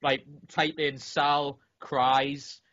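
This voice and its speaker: Male podcaster, rambling animated storyteller, bright tone, dull lo-fi mic. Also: medium pitch, drawn-out words. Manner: animated, rambling, many restarts and fillers. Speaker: podcast co-host or guest. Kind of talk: casual podcast chat, telling a story.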